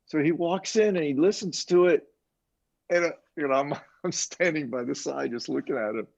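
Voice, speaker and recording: An older man, a mixing engineer, telling animated anecdotes in a casual interview and chuckling as he quotes others. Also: a little high, normal speed, gravelly. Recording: dull lo-fi sound.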